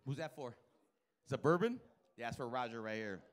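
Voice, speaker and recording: A male stand-up comedian doing a live club set, profane and animated, acting out characters and bursting into loud shouts. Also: medium pitch, brisk, a little hiss or hum. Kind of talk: live stand-up with crowd work.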